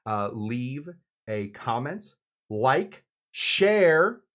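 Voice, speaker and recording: Speaking extremely slowly, a man with a medium, slightly bright voice lets his pitch swing widely. As host of a live cocktail show, he chats casually, rambles, teases himself, and keeps stumbling over fillers and restarts.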